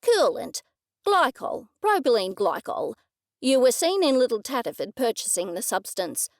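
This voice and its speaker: A woman's voice: on the high side, big pitch swings, moderate pace, no echo. A woman narrator voicing a stern middle-aged male police detective, probing and accusing in a dry manner.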